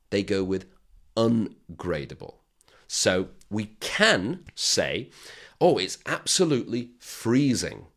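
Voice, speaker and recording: A man teaching an English grammar lesson on video, explaining patiently and checking in with "okay?" as he goes. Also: on the low side.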